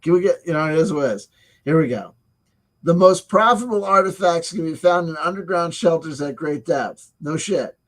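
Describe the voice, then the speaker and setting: A man with a slightly high, somewhat bright voice casually reviews a tabletop game supplement, reading the text aloud and breaking in with sarcastic, profane comments. His intonation is lively and his speed normal.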